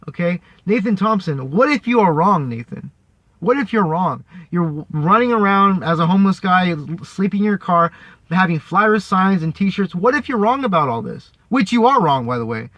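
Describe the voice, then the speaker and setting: In a dry, muffled recording, a man vents to camera in a high, animated voice at normal speed. His angry monologue is full of swearing, repetition and mockery of the people he's arguing against.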